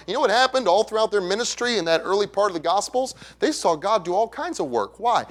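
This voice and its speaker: Animated preacher man, high lively voice. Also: quick pace, few pauses. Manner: animated, asks the congregation questions, acts out voices. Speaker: evangelist preacher. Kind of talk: sermon. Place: church sanctuary.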